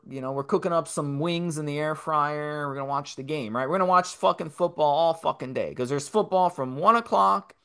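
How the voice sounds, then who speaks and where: Guy in his 40s, kinda high voice, cussing a lot while telling a rambling story on a podcast. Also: pushed and bright, clean tone. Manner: profane, rambling, repeats himself. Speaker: podcast co-host. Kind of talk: casual storytelling chat.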